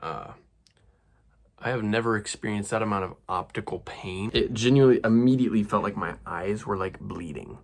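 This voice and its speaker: A young man chats through a hands-on hobby vlog in a rambling, self-mocking way, tossing in slang. His voice sits fairly low with a gravelly, husky grain. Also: moderate pace, a little mellow. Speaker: hobby perfumer vlogger. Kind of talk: casual demonstration vlog.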